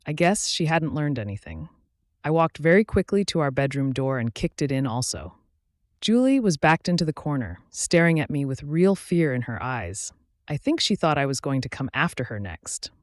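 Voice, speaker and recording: A man's voice: on the high side, sing-song, normal speed, dry recording, clean studio sound. A man reading a first-person relationship story aloud in a plain storytelling manner. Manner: plain storytelling with mild censored swearing. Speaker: narrator.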